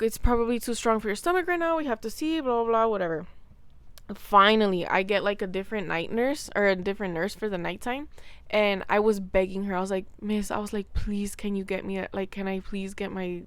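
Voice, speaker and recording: A woman in her twenties telling a story to camera in a casual, animated way, full of fillers, swearing and acted-out quotes. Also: medium pitch, fairly quick, clear, resonant tone, no echo. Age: 20s. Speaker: vlogger.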